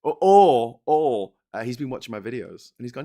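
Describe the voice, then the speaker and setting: A man's voice: mid-range voice, very animated, moderate pace, hardly any pauses, dark tone. A man hosting a casual livestream from home, reading chat aloud and ranting sarcastically, laughing between lines.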